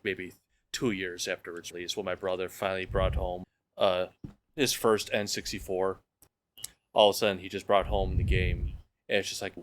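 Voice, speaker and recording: A man's voice: sits low, slight background noise. A man chatting casually on a podcast, rambling with frequent restarts. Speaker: podcast co-host.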